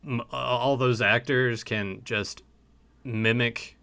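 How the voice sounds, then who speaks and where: A man from the American South with a mild Southern accent, hosting a casual livestream chat in a relaxed, halting way. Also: mid-range voice, vocal fry, dry recording.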